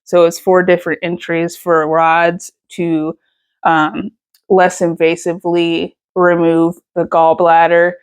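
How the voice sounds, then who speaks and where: A woman's voice: fairly low pitch, flat delivery, slow, smooth. A woman, telling a personal story in a casual vlog, emotional and rambling with many fillers and restarts. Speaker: vlogger.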